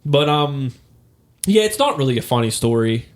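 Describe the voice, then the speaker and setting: A young adult man co-hosting a casual podcast, joking sarcastically with dark humor and laughing often. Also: medium pitch, sing-song, normal speed, a crowd in the background. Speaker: podcast co-host. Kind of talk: casual crude podcast chat.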